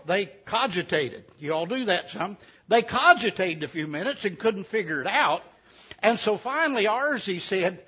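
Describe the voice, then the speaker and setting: A man's voice: high voice, expressive, moderate pace, bright, forceful tone, husky. A man telling a folksy tale to a live audience, with chatty asides. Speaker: storyteller. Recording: dull lo-fi recording.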